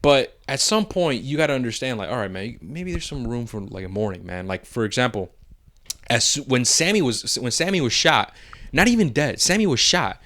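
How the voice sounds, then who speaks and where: A man's voice: medium pitch, animated, moderate pace, fairly bright tone. A man co-hosting a podcast, chatting casually and animatedly through a movie spoiler review, laughing often and acting out quotes. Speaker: podcast co-host.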